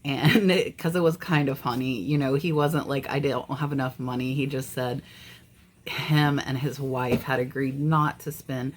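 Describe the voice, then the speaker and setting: A woman's voice: rumbling low, steady tone, measured pace, slight background noise. A woman reseller chatting casually on her vlog, frank and easily exasperated. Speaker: eBay reseller.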